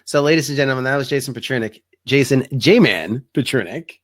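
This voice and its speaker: A man's voice: medium pitch, a little fast. Affirming male podcast host. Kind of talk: interview podcast.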